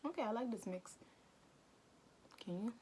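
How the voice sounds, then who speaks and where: A woman vlogger casually retelling an anime film, chatty and slangy with quick asides to her viewers. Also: on the high side, animated, darkish tone, a little hiss or hum. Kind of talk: casual movie recap commentary.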